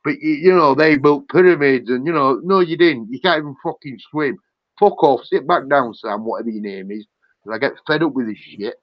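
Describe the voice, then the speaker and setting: A man's voice: mid-range voice, brisk, no room sound. A man hosting a livestream, ranting angrily and swearing, repeating himself as he goes. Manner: angry, profane, repetitive ranting. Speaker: livestream host. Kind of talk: heated livestream rant. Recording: dull lo-fi dry sound.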